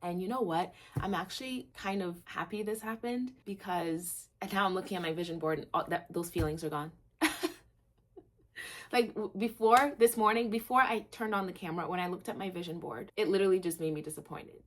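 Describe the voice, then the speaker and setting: A young woman hosting a gratitude vlog, talking candidly to camera and rambling with lots of "like.". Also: fairly quick. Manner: candid, rambling, heavy use of "like"; laughs at herself, swings between low and excited. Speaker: vlog host.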